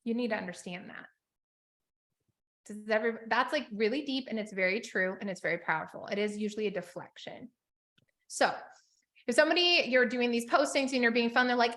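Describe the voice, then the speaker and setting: High, bright-voiced chatty woman coach. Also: fairly quick. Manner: chatty, upbeat, filler-heavy with many "like"s. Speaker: business coach. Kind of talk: motivational teaching to a live group.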